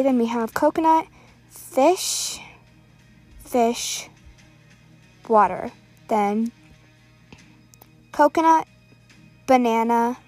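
A female gaming creator giving excited live commentary, rattling off items quickly and sometimes dropping to a whisper. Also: a little high. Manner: excitable, calls out items rapidly, drops to whispers.

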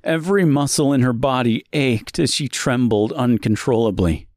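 A man reading a dark story aloud as narrator, speaking deliberately with dramatic pauses. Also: mid-range voice, dry recording, clean studio sound. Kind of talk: scripted horror story narration.

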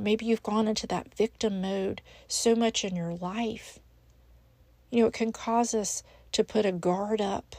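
A woman's voice: mid-range voice, steady tone, a little slow, darkish tone, no room sound. A woman hosting a devotional podcast, speaking earnestly and encouragingly to the listener as a friend. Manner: frequent restarts and fillers. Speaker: podcast host.

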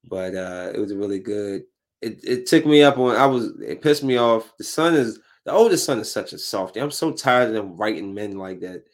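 On his casual solo podcast, a thirtysomething host talks at a normal speed in a lowish voice. He keeps things loose but works himself into an increasingly animated rant when something bothers him.

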